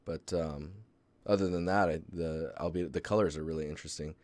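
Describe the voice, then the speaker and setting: A man hosting a live stream, reviewing a 3D art portfolio in a relaxed, rambling way with lots of fillers and restarts. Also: extremely low pitch, a little fast, dry recording. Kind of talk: casual live-stream critique.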